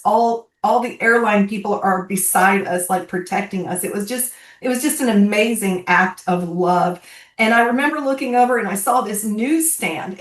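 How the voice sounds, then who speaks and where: A woman in her sixties telling a personal story on a video call, heartfelt and halting, her voice climbing high when moved. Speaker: guest speaker, bereaved military mother. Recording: roomy, distant from the mic.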